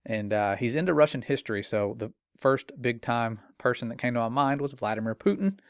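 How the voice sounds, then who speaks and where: A man's voice: medium pitch, expressive, a little fast, smooth, dry recording. A middle-aged father telling a personal story in an earnest, warning tone, with casual fillers. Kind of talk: earnest personal testimony monologue.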